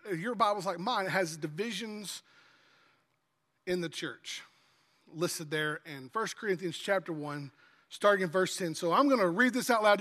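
High-voiced preacher in a reverberant hall. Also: male voice, a bit bright. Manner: conversational preaching, acts out kids' pleading voices. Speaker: pastor. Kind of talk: sermon. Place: church sanctuary.

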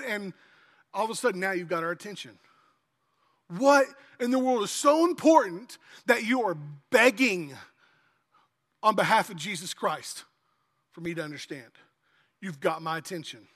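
A man with a notably high voice delivers a sermon, shifting between scripture reading and relaxed, conversational asides to the congregation. His voice rings out with a long hall reverb, as in a big church sanctuary. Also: normal speed, pauses often. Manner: conversational preaching, acts out kids' pleading voices. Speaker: pastor.

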